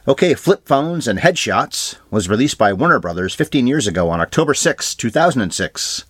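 A man co-hosting a film podcast, running briskly through award trivia and box office numbers with dry asides. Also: mid-range voice, big pitch swings, a bit bright, breathy edge, no room sound. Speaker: podcast co-host. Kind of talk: casual film review chat.

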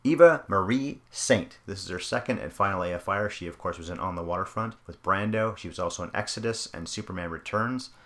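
A man with a very deep, low-pitched voice co-hosts a casual talk about old films. He is chatty and reflective, and his voice often sinks lower and quieter as a thought winds down. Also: brisk, few pauses. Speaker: podcast co-host. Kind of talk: casual film discussion.

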